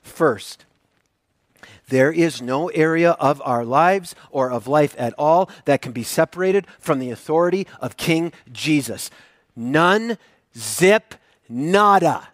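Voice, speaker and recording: High-voiced pastor preaching, dry sound. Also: male voice, measured pace, dry recording. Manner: conversational, joking, emphatic. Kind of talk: sermon.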